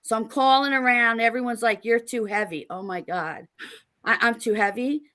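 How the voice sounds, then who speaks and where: Middle-aged woman guest, animated storyteller, bright and fairly high voice. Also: normal speed. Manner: animated, laughing storyteller acting out quotes. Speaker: podcast guest, author. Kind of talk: casual interview storytelling.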